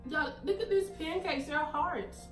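A young woman with a hoarse, deep morning voice, chatting casually to her viewers in a vlog, recorded on a handheld phone. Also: a little slow, a bit bright, faint music behind. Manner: chatty, laughing often, addresses viewers as y'all. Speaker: vlogger.

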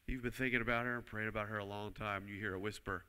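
A man's voice: fairly low pitch, fairly even intonation, very fast, few pauses, sharp tone, clear, resonant tone. A man preaching a sermon, emphatic, repeating key lines and leading the congregation to say them back. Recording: long hall reverb.

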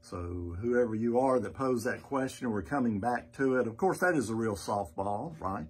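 A man teaching as the pastor on a church podcast, measured and earnest, with frequent "uh" fillers. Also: mid-range voice, lively intonation, a little mellow, slightly rough.

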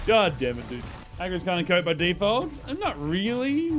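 A young man streaming a video game, chatting casually and excitably, swearing and laughing as he plays. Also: high-pitched, moderate pace, faint music behind. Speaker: gaming streamer. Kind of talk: live gameplay commentary.

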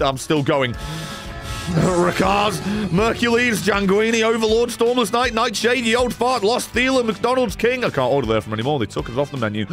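Excitable man streaming a game. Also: high-pitched, gravelly. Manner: excitable, swearing, yelling at the game. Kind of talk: live gameplay streaming chat.

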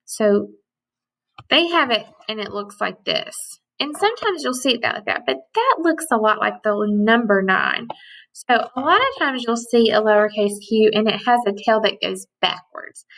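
A woman teacher giving a gentle, patient letter lesson to young children and reading a picture book aloud. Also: on the high side, animated, gravelly, low-quality recording. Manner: gentle and patient, with slow drawn-out sounds.

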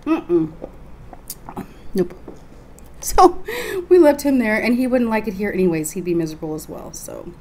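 A woman's voice: mid-range voice, animated, normal speed, pauses often, darkish tone, a little hiss or hum. Chatty Texan woman vlogging from a hotel. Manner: chatty, laughing, swearing, eating while talking. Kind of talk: casual storytelling vlog. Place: hotel room.

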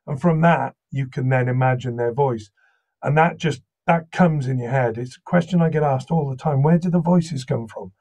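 Man, slight Welsh accent, casual guest chat, lively anecdotal storyteller, medium pitch. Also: normal speed. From Wales. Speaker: guest voice actor.

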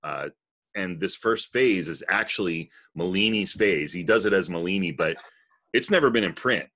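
Man, very low voice, bright edge, earnest explainer. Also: moderate pace, breathy edge. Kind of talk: casual commentary on magic footage.

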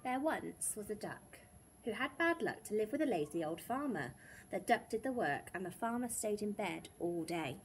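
A woman teacher reading a picture book aloud to young children in a gentle, expressive storytelling way. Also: mid-range voice, normal speed, a little hiss or hum.

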